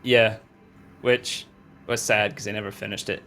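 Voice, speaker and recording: A man's voice: on the low side, flat delivery, measured pace, bright, forceful tone, a little hiss or hum. A man playing a tabletop game, chatting casually, laughing easily and now and then mimicking voices. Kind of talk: casual chat between tabletop players.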